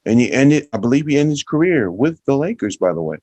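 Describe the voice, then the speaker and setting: A man's voice: mid-range voice, big pitch swings, fast, darkish tone, no room sound. A man speaking casually on a podcast, stringing his points together with fillers. His voice sits in a middle range and sounds dry, close to the mic. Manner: chatty, lots of "you know" fillers. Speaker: podcast co-host. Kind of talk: casual chat.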